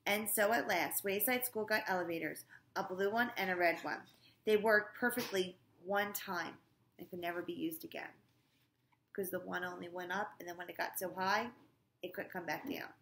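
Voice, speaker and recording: A woman's voice: lowish voice, steady tone, normal speed, a bit bright, a little hiss or hum. A woman teacher reading a storybook aloud to her students, with casual, chatty asides. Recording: echoey room.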